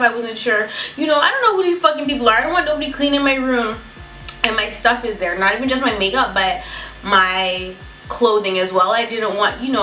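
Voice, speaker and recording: A woman telling a story in a casual, animated and profane way. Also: mid-range voice. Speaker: beauty vlogger telling a story. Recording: echoey room, mic at a distance.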